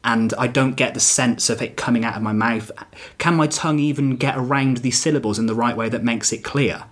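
A man's voice: mid-range voice, steady tone, fairly quick. A male stand-up comedian in casual podcast chat, talking reflectively with fillers and restarts.

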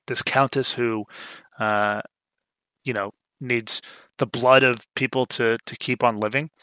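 A young adult man co-hosting a casual movie recap podcast, relaxed with lots of fillers, getting animated when he retells scenes. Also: medium pitch, measured pace, clean tone, no echo. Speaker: podcast co-host.

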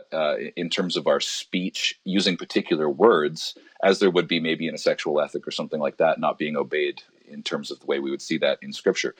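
A pastor from Canada talking in a relaxed, thoughtful way with many restarts on a conversational podcast. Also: male voice, deep voice, husky, no room sound.

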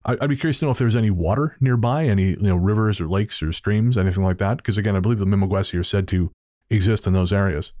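A man's voice: on the low side, fast, dark tone, no room sound, studio quality. A man co-hosting a podcast in casual chat, wry and joking, swearing casually. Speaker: podcast co-host.

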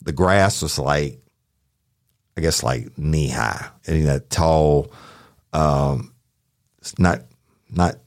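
A man's voice: very deep voice, drawn-out words, pauses often, no echo, studio quality. A man, a former sheriff's deputy, telling a true crime story in a casual, profane, folksy way, talking to listeners as y'all.

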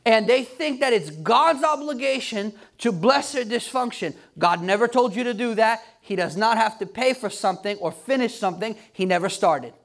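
A man preaching a sermon in an emphatic style, building up to shouts at its peaks. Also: extremely high pitch.

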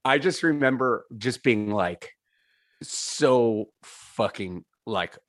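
A man's voice: medium pitch, lively intonation, slow pace, fairly bright tone, no room sound, clean studio sound. A man telling stories in a casual interview, rambling with lots of fillers, laughing and swearing. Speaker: podcast guest, singer.

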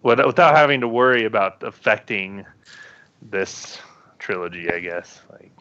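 A man's voice: fairly low pitch, lively intonation, normal speed, sharp tone. A man talking casually on a podcast, thinking aloud and trailing off as he goes. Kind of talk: casual chat. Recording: dull lo-fi sound.

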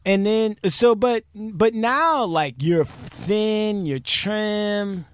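High-voiced joking man. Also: very slow, smooth, no echo. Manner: joking, asks questions, acts out scenes. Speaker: podcast co-host. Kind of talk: casual chat.

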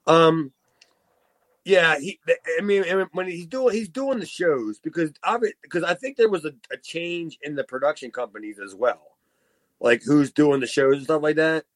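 High-voiced man rambling on a podcast. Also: expressive, normal speed, no room sound. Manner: rambling, laughs often, swears casually. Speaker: podcast host. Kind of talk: casual wrestling review chat.

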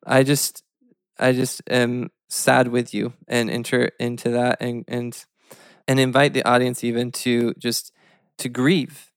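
Earnest halting man, gravelly and dry. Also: mid-range voice, little pitch movement, no echo. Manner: earnest and halting, many restarts. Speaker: podcast co-host. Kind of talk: reflective interview talk.

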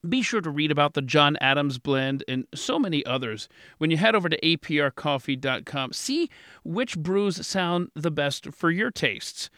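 A podcast host with a fairly high male voice hosts an interview and reads an ad at normal speed, his intonation lively and his tone fairly bright. He's self-deprecating, laughing and joking about his own slips. The studio-quality recording has no room sound.

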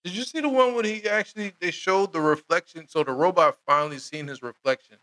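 A man hosts a loose podcast chat, animated and full of street slang, laughing often as he riffs. His voice sits a little high and rings bright and sharp. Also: fairly quick. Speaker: podcast host. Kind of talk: casual chat.

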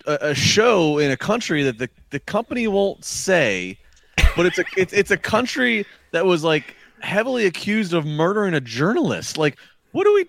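A man's voice: high-pitched, a bit bright, no room sound. A man co-hosting a podcast, rambling through wrestling talk and restarting his sentences. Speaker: podcast co-host. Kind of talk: casual wrestling chat.

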